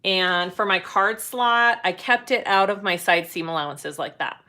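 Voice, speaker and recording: A woman's voice: fairly low pitch, a little slow, pushed and bright. A woman hosting a live sewing demonstration, chatty as she explains each step and greets viewers. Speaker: sewing tutorial host.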